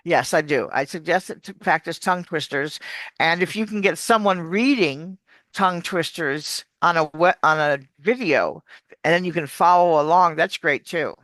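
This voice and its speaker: A woman speaks as a coach, her voice bright and sharp. She sits close to a dry, deadened mic, explaining in loose, chatty bursts that break off and restart mid-word. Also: on the low side, normal speed, no echo. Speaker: accent coach. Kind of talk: casual video-call interview.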